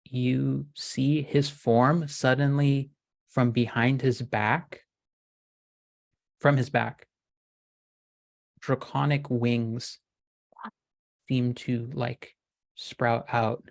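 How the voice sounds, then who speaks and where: A woman narrating a tabletop role-playing game as game master, describing scenes in a measured, descriptive way. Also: very deep voice, steady tone, gravelly, a little mellow.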